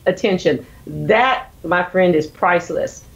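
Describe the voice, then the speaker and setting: A woman co-hosting a radio chat show, teasing and quick to laugh. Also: on the low side, vocal fry. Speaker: radio co-host. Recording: dull, lo-fi sound.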